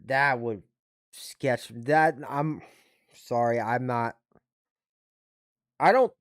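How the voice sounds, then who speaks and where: A man streaming a casual reaction, talking bluntly with lots of swearing and halting restarts. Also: mid-range voice, dry recording, clean studio sound.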